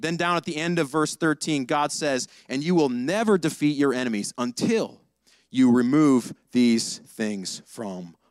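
A man's voice: fairly high pitch, no room sound. A young man giving a casual sermon, telling a story with slang and acting out the voices. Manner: animated storytelling, acts out dialogue, slangy. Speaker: pastor.

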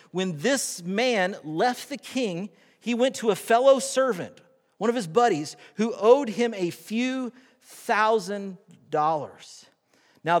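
A man preaching a sermon as pastor, animated and reading scripture aloud with dramatic pauses. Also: high voice. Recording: long hall reverb.

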